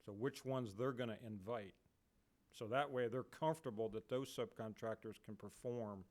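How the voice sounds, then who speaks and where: A man's voice: medium pitch, moderate pace, a little mellow. A man testifying as a state official at a committee hearing, explaining procedures plainly with frequent fillers.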